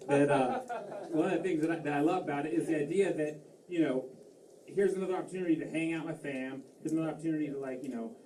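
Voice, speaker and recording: Male stand-up comic, rambling and self-mocking, mellow voice, heard from a distance in an echoey club. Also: on the high side, fast, a little hiss or hum. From Massachusetts. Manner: rambling, self-deprecating, lots of fillers and restarts. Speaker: stand-up comedian. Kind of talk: stand-up comedy set. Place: comedy club stage. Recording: roomy club sound from a distance, faint crowd ambience.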